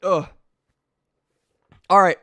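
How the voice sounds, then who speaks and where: A hoarse young man chatting casually to a livestream audience, rambling and slangy, his voice nearly worn out. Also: extremely slow, pushed and bright, no echo. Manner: rambling, slangy, self-interrupting. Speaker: streamer.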